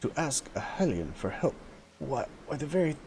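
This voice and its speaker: A man's voice: mid-range voice, normal speed, pitched above the performer's own voice. A man voicing an elderly, proud and scornful male fish-man advisor in a video game, talking in an indignant, scolding way. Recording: steady background noise.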